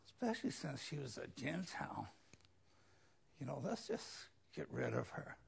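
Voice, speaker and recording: A man's voice: mid-range voice, sing-song, normal speed, vocal fry, breathy edge. A man preaching a sermon, retelling scripture in a conversational way and mimicking pleading voices. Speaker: pastor.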